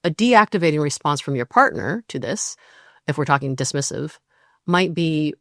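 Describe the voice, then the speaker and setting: A woman hosting a relationship podcast, talking through ideas in a calm, measured monologue and briefly voicing quoted partners. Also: low-pitched, dry recording, studio quality.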